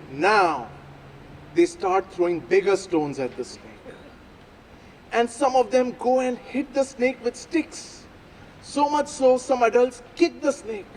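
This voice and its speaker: A man telling a folk story aloud at a live event, with slow, deliberate phrasing and dramatic pauses. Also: extremely high pitch, slight background noise, rough recording. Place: outdoor public plaza.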